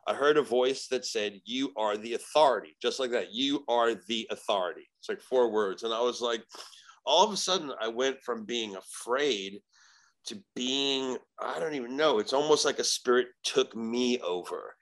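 Brief: male podcast guest, mid-pitched, animated, swears freely, acts out quotes. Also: moderate pace, rough recording. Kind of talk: casual storytelling.

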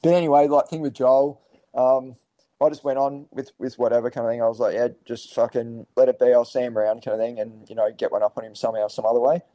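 Mellow-voiced man telling stories. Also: mid-range voice, flat delivery, fast talker, no room sound, poor audio. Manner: rambling, swears casually, many fillers and restarts. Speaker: podcast guest. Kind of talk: casual storytelling chat.

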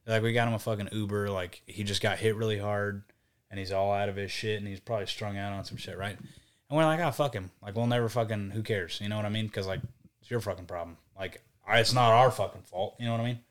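On the low side and at a quick pace, a young man who sings in a band recounts a road story during a casual podcast conversation. Animated and swearing freely, he acts out people's quotes.

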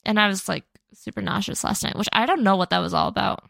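A woman's voice: medium pitch, quick pace, gravelly, fairly bright tone, no room sound. A young woman co-hosting a podcast, chatting casually, rambling and laughing often. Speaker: podcast co-host. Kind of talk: casual chat.

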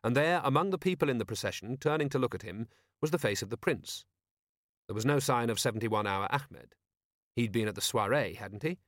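A man narrating an audiobook in a measured storytelling way. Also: medium pitch, animated, no echo, studio quality. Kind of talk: scripted narration.

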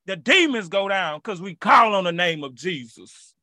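A man in his thirties preaching devotionally, fervently chanting a name in call-and-response, then turning reflective and personal with soft laughs. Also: sits high, lively intonation, normal speed, hardly any pauses, no echo, clean studio sound. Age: 30s.

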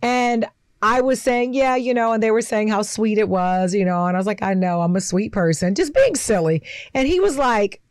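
A woman's voice: mid-range voice, normal speed, darkish tone, dry recording. A woman co-hosting a casual chat over drinks, telling a candid personal story and quoting others as she goes. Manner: candid, storytelling with quoted voices. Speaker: co-host.

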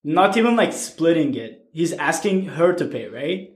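A young man from Turkey telling stories as a podcast guest in casual chat, animated and ending lines with a questioning "right?". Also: a little high, moderate pace, noisy background. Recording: echoey room.

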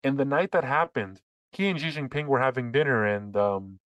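A man co-hosts a casual political talk show, telling stories in an animated way and acting out the quotes as he goes. His voice sits in the middle of the range. The sound is dry and close to the mic. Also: medium pitch, moderate pace, no room sound, lo-fi sound. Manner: animated storyteller, acts out quotes. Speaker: podcast co-host.

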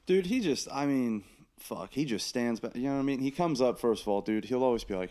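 A man's voice: medium pitch, expressive, brisk, dark tone. A young man, a guest comedian on a podcast, rambling casually with lots of "you know" and "dude".

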